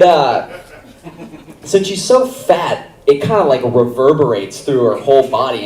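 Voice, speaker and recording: A man's voice: mid-range voice, darkish tone, recorded from a distance. A young man doing stand-up on a comedy theater stage, rambling casually through a story with lots of fillers. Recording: roomy theater sound from afar.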